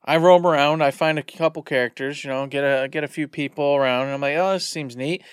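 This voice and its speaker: A man co-hosting a podcast, retelling a game session in a rambling, animated way. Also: fairly high pitch, fast, smooth, dry recording, clean studio sound. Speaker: podcast co-host. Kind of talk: casual storytelling.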